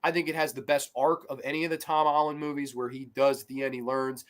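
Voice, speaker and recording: A man in casual podcast chat about movies, animated and swearing freely, often trailing off into fillers. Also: medium pitch, quick pace. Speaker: podcast co-host.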